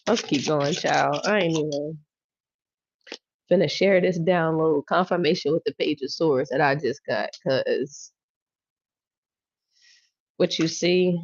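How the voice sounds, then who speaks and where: Casual tarot livestreamer, woman, lower voice, teasing and laughing, dry lo-fi mic. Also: takes it slowly, pauses often, no echo. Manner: laughing, drawling, teasing, repeating phrases. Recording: dry, dull lo-fi sound.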